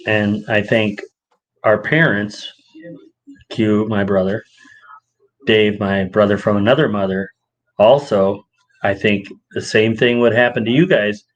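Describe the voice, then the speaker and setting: A young adult man co-hosting a podcast in casual chat, an animated storyteller who acts out quoted exchanges. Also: fairly low pitch. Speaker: podcast co-host.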